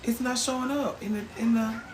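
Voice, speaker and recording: A woman's voice: fairly high pitch, steady tone, brisk. A woman hosting a casual livestream, reading viewer comments aloud and teasing them, swearing freely. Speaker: livestream host. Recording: roomy echo, faint background noise.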